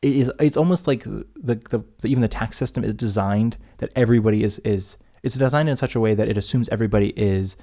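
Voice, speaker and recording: Here an American podcast co-host talks fast with few pauses, his lowish voice warm in tone. The casual conversation wanders, full of chatter and sentences he abandons halfway.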